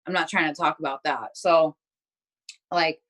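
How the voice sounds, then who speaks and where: A woman's voice: low voice, steady tone, unhurried, a bit bright. A young woman talking as an interview guest, telling a story bluntly with lots of swearing and filler words. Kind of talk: casual chat.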